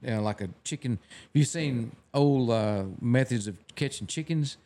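An older man tells stories slowly and folksily. He often stops and restarts mid-sentence. His voice sits at an ordinary middle pitch. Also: mellow. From Texas. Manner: halting, restarts, folksy drawl. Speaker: guest photographer. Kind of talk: casual storytelling.

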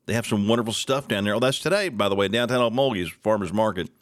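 A man's voice: fairly low pitch, lively intonation, quick pace. A middle-aged man hosting a solo talk show, ranting with sarcastic indignation.

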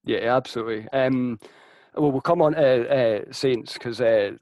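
A man hosting a casual sports interview, asking questions in a relaxed, conversational way with frequent fillers. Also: mid-range voice, normal speed, no room sound. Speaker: interviewer, host.

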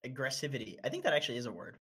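A man in his twenties from North America, chatting casually as a podcast co-host and telling stories with lots of swearing and sudden high-pitched bursts. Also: rapid-fire, slightly rough. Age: 20s. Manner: animated, profane storyteller with sudden high-pitched outbursts. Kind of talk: casual chat.

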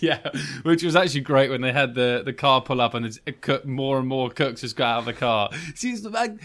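A man's voice: medium pitch, expressive, brisk, a bit bright. A man chats through a film review in a casual, giggly way, recapping scenes with obvious delight. His voice sits in an ordinary middle range. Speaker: podcast co-host.

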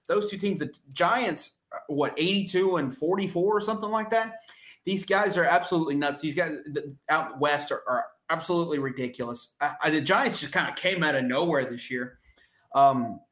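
A man's voice: fairly high pitch, fairly bright tone, echoey room. A man co-hosting a sports podcast in casual chat, ranting in an exasperated way and often restarting his sentences.

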